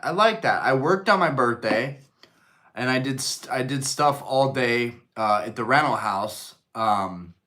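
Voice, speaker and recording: A man's voice: mid-range voice, sharp tone. Rambling male live stream host. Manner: rambling, lots of fillers, reads and answers chat. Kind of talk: casual chat on a live stream.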